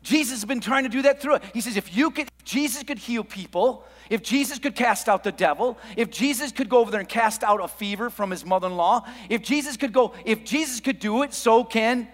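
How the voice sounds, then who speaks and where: A man preaching a sermon as pastor, swinging from hushed asides to loud, emphatic lines. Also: high-pitched, fairly quick, few pauses, big-room sound.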